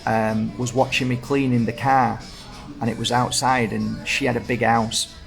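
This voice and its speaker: Gravelly Yorkshire man telling stories. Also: medium pitch, flat delivery, moderate pace, soft background music. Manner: rambling anecdotes with lots of reported speech. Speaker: host. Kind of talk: casual storytelling chat.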